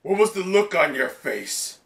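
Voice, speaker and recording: Man doing a sneering young villain, raised pitch, loud and forceful, bright edge. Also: very animated, a little slow, vocal fry, full character voice. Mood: taunting. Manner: sneering, mocking. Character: brash taunting young male fire villain.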